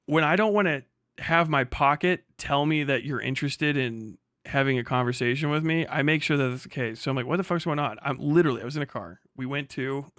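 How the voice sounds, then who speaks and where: A man's voice: fairly high pitch, a bit bright, no echo. A young man hosting his stream, telling a story in a casual, profane way and laughing often, on a close mic. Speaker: streamer host. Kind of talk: casual reaction rant.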